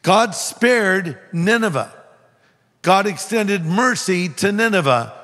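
A man's voice: high-pitched, animated, slow. A man preaching a sermon as pastor, earnest, sometimes acting out quoted voices. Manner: earnest preaching, acts out a street preacher's yelling. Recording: long hall reverb.

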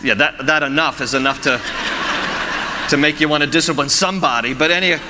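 A man preaching a sermon as a pastor, animated and storytelling, often restarting his phrases. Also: a little high, a little fast, big-room sound, background noise.

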